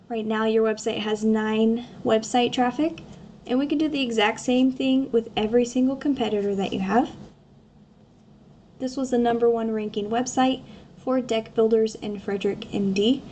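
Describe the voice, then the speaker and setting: A woman consultant explains a website review over a shared screen, talking straight to her client. Her voice sits a little high but sounds mellow and soft-edged. Faint background hiss stays under the recording. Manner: explanatory, steady, addresses the client directly. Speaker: marketing consultant. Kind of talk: screen-share sales walkthrough.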